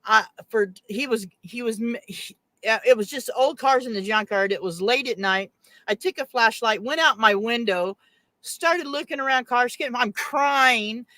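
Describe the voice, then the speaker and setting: Bright-voiced woman telling a story. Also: on the high side, a little slow, dry recording. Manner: animated storytelling. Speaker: guest. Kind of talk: casual chat.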